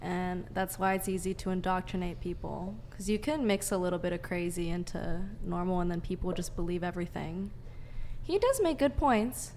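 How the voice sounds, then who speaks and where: A woman guest on a dating panel talks in a somewhat low voice, measured and reflective. A faint noise runs underneath her. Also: a little mellow. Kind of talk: casual opinion chat.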